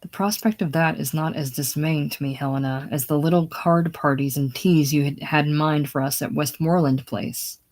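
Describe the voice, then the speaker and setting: An emotional, determined grown woman urges and pleads with earnest insistence, as a reader voices her in a casual play reading. The voice sits at an ordinary middle pitch. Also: steady tone, moderate pace, hardly any pauses, close to an everyday voice, rough recording. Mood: wistful.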